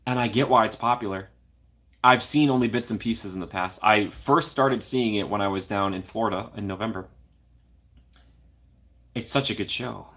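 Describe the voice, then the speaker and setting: A man's voice: on the low side, a bit bright. A young man hosting a casual livestream, playfully reading and answering viewer comments and laughing often. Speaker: livestream host.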